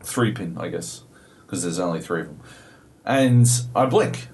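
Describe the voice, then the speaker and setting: A man's voice: low voice, lively intonation, measured pace, darkish tone. A young Australian man co-hosting a podcast, telling a story in a profane, exasperated way. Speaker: podcast co-host. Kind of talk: casual chat about video games.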